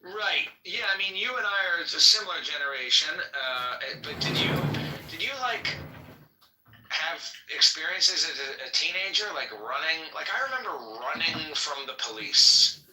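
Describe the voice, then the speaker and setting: A man's voice: on the high side, expressive, normal speed, roomy sound, distant mic, music in the background, poor audio. A man in casual chat who speaks with a faint lisp on his S sounds. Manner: chatty, self-conscious about a slight lisp.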